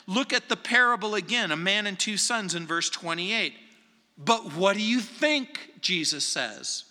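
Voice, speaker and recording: A man pastor preaching a verse-by-verse sermon in an earnest, emphatic way with dramatic pauses, recorded in a church sanctuary. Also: high voice, animated, bright, forceful tone. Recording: echoey hall reverb.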